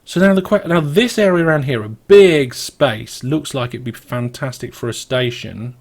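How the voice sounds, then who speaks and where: A man's voice: medium pitch, moderate pace. A British man with a mid-range voice talks through a building game as its host. He thinks aloud and wanders from point to point in a chatty, easygoing way. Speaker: let's play host. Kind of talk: casual gameplay commentary.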